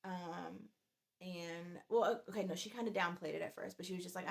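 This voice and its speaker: Woman in her forties, gravelly voice, chatty exasperated storytime. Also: on the low side, fairly even intonation, moderate pace. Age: 40s. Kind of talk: casual storytime vlog.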